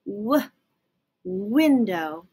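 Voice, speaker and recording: A young woman teaching young children letter sounds, slowly and patiently sounding out each letter. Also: medium pitch, expressive, darkish tone, slightly rough. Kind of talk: phonics lesson for young children.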